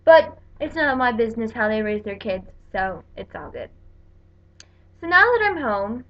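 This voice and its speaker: A woman's voice: on the high side, normal speed. Chatty young woman with a dull webcam sound. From northeastern United States. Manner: chatty, animated quoting of people. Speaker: vlogger. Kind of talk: casual storytelling vlog.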